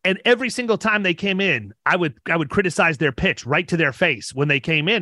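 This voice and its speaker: Brisk and expressive, a man of roughly fifty with a fairly high, pushed, bright voice tells casual stories on a podcast with few pauses. He's energetic, laughs readily, and doubles back on his words, and the recording is dry and close with no sense of room.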